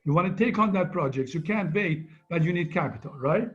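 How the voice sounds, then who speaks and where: A man's voice: fairly high pitch, expressive, a little fast. Male lecturer on muffled call audio. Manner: conversational, keeps asking "right?". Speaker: finance lecturer. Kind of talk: online lecture review.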